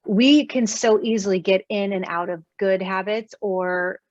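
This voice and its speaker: A woman's voice: mid-range voice, unhurried, darkish tone, no echo. A woman in her thirties, a guest author on a podcast, talking in an earnest storytelling way with many fillers. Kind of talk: casual interview chat. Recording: dull, dry sound.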